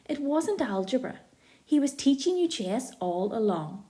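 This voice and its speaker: A woman plays a cheeky, excitable schoolboy in a storybook reading. He teases and bursts with ideas, his voice leaping up and down. The tone stays mellow rather than sharp. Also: high voice, measured pace, pitched above the performer's own voice. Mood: mocking. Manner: teasing, bursting with enthusiasm. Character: cheeky excitable schoolboy, boy's best friend.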